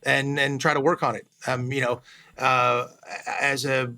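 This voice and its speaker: A man in his fifties speaking candidly as a podcast guest, with halting starts and frequent restarts. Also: medium pitch, flat delivery, pushed and bright. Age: 50s. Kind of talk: candid conversational interview.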